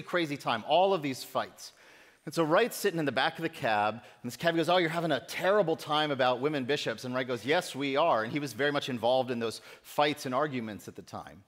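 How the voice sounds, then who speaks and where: Pastor com humor leve, voz um pouco aguda. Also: male voice, on the high side, a bit bright. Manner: conversational and self-deprecating humor. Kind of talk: sermon. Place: church sanctuary. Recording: echoey church sanctuary.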